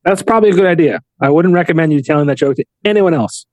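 A man hosting a laid-back podcast, trading wisecracks and teasing with plenty of swearing. His pitch rises and falls a lot as he talks, and his voice is close and dry. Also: animated, fast talker, darkish tone, dry recording. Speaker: podcast host. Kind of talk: casual podcast chat.

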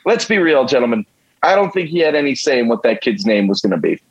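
A man's voice: mid-range voice, big pitch swings, fast talker, slightly rough, dry recording, lo-fi sound. A man in his twenties from Northeastern Pennsylvania, a guest on a podcast, telling a rambling, self-deprecating comic story with plenty of swearing. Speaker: band member, podcast guest.

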